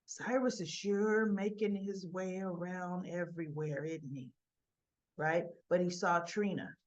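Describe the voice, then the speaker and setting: A woman's voice: lowish voice, fairly even intonation, measured pace, highs cut off. Chatty woman recapping soap scenes. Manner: chatty, retells scenes with quoted dialogue and asides. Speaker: soap opera reviewer. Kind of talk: casual recap chat.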